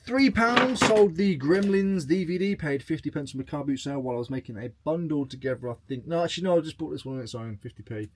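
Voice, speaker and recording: A man's voice: a little high, fast, few pauses, a little hiss or hum. A man chatting casually to camera as a reselling vlogger, joking as he goes through his sales. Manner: chatty and jokey, reading out sales.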